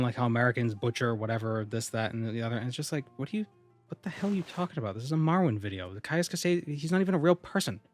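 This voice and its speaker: A man streaming a game, chatting casually and reading viewer comments aloud before answering them. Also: mid-range voice. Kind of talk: casual live-stream chat.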